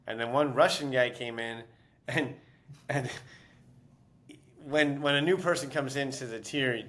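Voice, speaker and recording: A man's voice: medium pitch, measured pace, a bit bright. A man being interviewed as an author, telling stories casually with many fillers and restarts.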